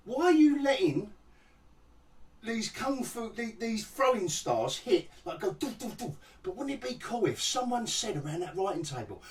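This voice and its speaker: Sarcastic man with a lively voice. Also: high-pitched, normal speed, far from the mic. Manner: mocking, rambling, restarts often, laughs at the show. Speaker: TV review vlogger. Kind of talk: sarcastic casual review rant.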